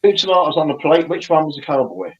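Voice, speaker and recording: A man's voice: on the high side, sing-song, fast talker, slightly rough, dull audio. A man bantering and telling jokes as a guest on a live video call chat. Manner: joking, playful banter. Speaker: panel guest.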